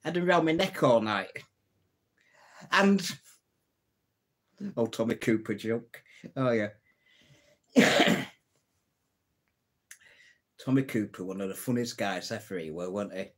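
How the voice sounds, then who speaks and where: A man's voice: fairly low pitch, lively intonation, takes it slowly, long pauses. A man hosting a live stream, telling jokes, laughing at his own puns and chatting to viewers. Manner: greets and answers viewers' comments.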